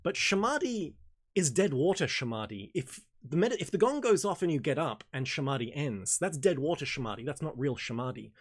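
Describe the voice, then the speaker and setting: A man's voice: a little high, big pitch swings, fairly quick, breathy edge. A man hosting a casual Q&A livestream. He talks in a rambling, self-correcting way, swears now and then, and laughs at his own asides. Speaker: host.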